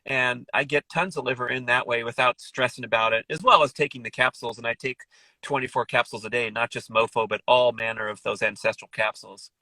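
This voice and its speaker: Enthusiastic, bright-voiced middle-aged man. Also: medium pitch, steady tone, brisk, dry recording, rough recording. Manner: enthusiastic, rambling, frequent restarts. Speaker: podcast guest, wellness author. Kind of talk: casual podcast conversation.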